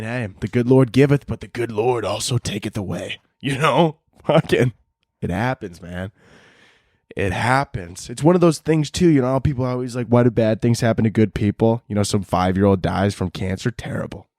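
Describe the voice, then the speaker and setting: A man hosting a solo comedy podcast, ranting with lots of swearing and laughter, and jumping between high mock voices and low mutters. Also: normal speed, darkish tone, no room sound, clean studio sound. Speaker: podcast host.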